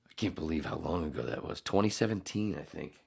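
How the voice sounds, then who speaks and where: A man's voice: deep voice, expressive, fast, vocal fry, a little mellow, slightly rough. A man hosting a podcast, telling a rambling, profane, self-mocking story full of restarts. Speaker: podcast host. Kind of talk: casual chat.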